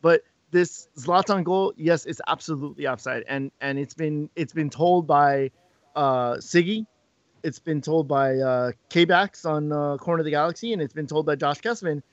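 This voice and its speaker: Male podcast co-host, upbeat and rambling, slightly high voice, dull dry recording. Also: normal speed, no room sound. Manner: animated, repeats words when starting sentences. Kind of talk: casual chat. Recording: dull lo-fi sound.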